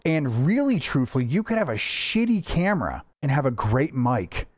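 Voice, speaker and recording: A man's voice: medium pitch, moderate pace, dry recording. Middle-aged guy hosting a podcast, swears a lot, acts out what people said, dry close sound. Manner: animated storyteller, swears freely, acts out quoted voices. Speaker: podcast host. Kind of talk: casual chat.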